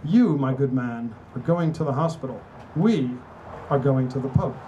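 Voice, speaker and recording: A man's voice: mid-range voice, expressive, moderate pace, warm tone, highs cut off, slight background noise, natural voice. A man reading aloud and voicing a breezy, chummy British rugby teammate with a British accent. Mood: teasing. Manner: chummy, teasing, upbeat. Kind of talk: live reading of a novel.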